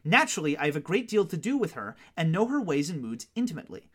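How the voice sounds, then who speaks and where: A podcast co-host chatting casually and reading old newspaper articles aloud in a relaxed, wry way. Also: mid-range voice, fast talker. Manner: relaxed, wry, reads in long runs.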